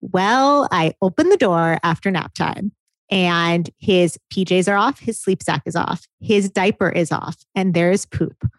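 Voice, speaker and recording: Lower-voiced woman telling lively stories. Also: unhurried, dry recording. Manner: animated storyteller, laughs often. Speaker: podcast co-host. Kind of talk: casual chat.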